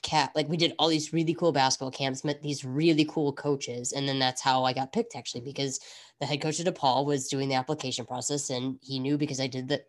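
Brisk and extremely low-pitched, a woman in her thirties hosts a podcast of casual chat. She reflects aloud, rambles, and stays animated, sprinkling in frequent asides.

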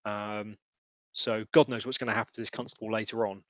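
A man narrating as game master, halting with many fillers. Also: fairly low pitch, little pitch movement, crowd noise. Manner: hesitant, filler-heavy narration.

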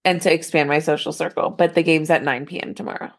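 Emphatic lower-voiced woman co-host. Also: steady tone, fast talker, gravelly. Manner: emphatic, slangy, lots of fillers. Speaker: podcast co-host. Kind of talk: casual chat.

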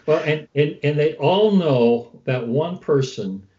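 A man's voice: fairly high pitch, expressive, takes it slowly, warm tone. A man hosting a podcast, chatting about gigs in an amused, storytelling way. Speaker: podcast host and guitarist. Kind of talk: casual chat. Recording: dull lo-fi sound.

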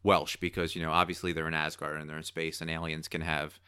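A man co-hosting a podcast in casual chat, talking in an excitable, rambling way. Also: a bass voice, quick pace, clean tone, dry recording, studio quality. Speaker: podcast co-host.

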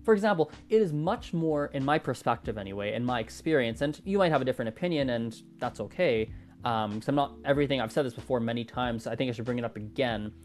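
Solo podcast host, male, mid-pitched, rambling and self-correcting, faint music under the voice. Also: lively intonation, quick pace. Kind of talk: improvised solo podcast talk.

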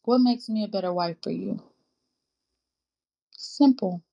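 In a muffled recording, a woman with a mid-range voice and vocal fry speaks unhurriedly as host of a faith-based podcast for women. Earnest and informal, she calls listeners sis and baby and exhorts them like a preacher.

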